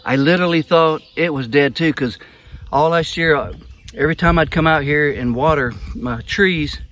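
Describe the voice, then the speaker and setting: A man's voice: a little high, moderate pace, a bit bright. A middle-aged man with a Southern US accent, chatting casually as he walks around his homestead, a bit out of breath and rambling with frequent restarts. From Southern United States. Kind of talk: casual walk-around vlog. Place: outdoors on a rural homestead.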